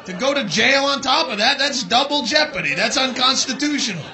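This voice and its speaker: A male stand-up comedian delivering a profane, sarcastic rant with shouted bursts, on a club stage with a handheld mic. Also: very high-pitched, lively intonation, fairly quick, background noise.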